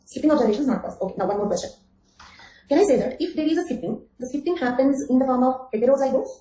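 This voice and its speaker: A woman's voice: sits high, lively intonation, rapid-fire, warm tone, echoey room, low-quality recording. A woman giving an online exam-coaching lecture, repeating key phrases, checking with "okay?" and calling on students by name. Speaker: anthropology teacher.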